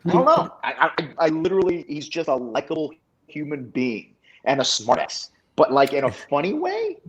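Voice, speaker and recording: A young man telling an animated story on a casual podcast, acting out the quotes of the people in it. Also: a little high, normal speed, highs cut off. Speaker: guest, wrestling announcer.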